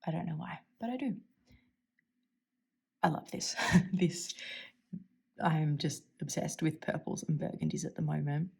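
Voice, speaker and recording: Australian woman host, casual chat, husky and mellow, enthusiastic with soft murmured asides. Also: sits low, a little slow, pauses often. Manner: chatty, enthusiastic, often drops to a soft near-whisper. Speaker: stationery channel host. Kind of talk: casual chat while swatching inks.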